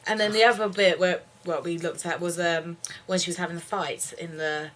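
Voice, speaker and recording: Soft-spoken woman, lower voice. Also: fairly even intonation, normal speed. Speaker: co-host of an anime review channel. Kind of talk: casual chat review.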